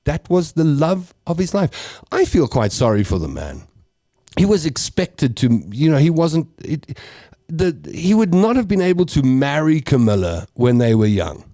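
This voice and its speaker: A South African man with a slightly high, unhurried voice hosts a comedy talk radio show, joking his way through listener messages. Animated and playful, he breaks into voices and laughter and mixes English with Afrikaans, with no room sound in the recording.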